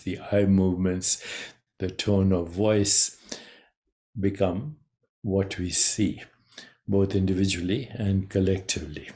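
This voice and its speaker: A man giving a measured, reflective talk on consciousness as a spiritual teacher, pausing between phrases. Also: sits low, darkish tone.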